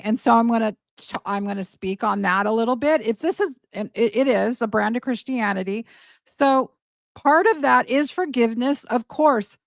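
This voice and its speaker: Brief: higher-pitched woman commentator, dry close sound, emphatic and incredulous. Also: no echo. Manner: incredulous, emphatic, repeats words for effect. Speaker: commentary host. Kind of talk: casual commentary.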